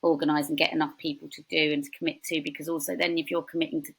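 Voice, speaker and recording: A woman in her forties, a podcast guest, talks in a low, husky voice with a gravelly edge. She chats casually and tells animated stories. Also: very fast, rough recording. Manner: chatty, animated storytelling with quoted voices. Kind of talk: casual chat.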